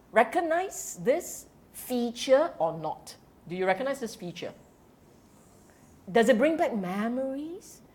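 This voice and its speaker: Lively Singaporean woman giving a Dhamma talk. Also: medium pitch. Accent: Singaporean English. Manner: animated, keeps quizzing the audience; drops in colloquial particles and laughs. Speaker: Buddhist Dhamma teacher.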